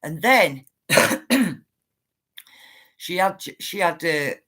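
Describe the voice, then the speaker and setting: A woman's voice: lowish voice, lively intonation, drawn-out words, fairly bright tone. A middle-aged woman, earnestly telling viewers an emotional story and insisting that it is true. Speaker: spiritual livestreamer.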